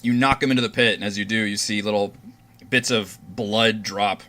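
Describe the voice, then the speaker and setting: Male game master, low-set but bright, forceful voice, unhurried descriptive narration. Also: steady tone. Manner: slow, deliberate descriptive narration.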